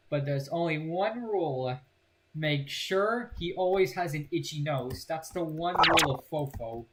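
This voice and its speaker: Casting: young male gaming host, casual playful rambling commentary, faint hiss. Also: fairly high pitch.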